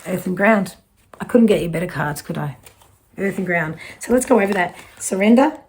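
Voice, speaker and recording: A woman's voice: on the low side, moderate pace, darkish tone, slight background noise. A middle-aged woman with an Australian accent, giving a casual, reassuring psychic card reading and swearing now and then.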